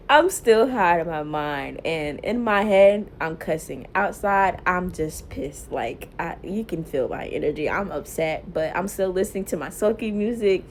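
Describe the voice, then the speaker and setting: Animated young woman telling a story. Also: fairly low pitch, unhurried, few pauses, slight background noise. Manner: animated, laughing often, quotes herself loudly. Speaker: mom vlogger. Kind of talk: casual storytelling to camera.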